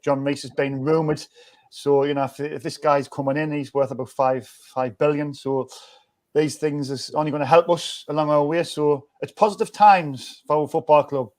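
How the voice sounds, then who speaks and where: A man's voice: a little high, steady tone, moderate pace, a little mellow. A man, hosting a casual football fan chat, rambling and restarting often in an upbeat way. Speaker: fan channel host.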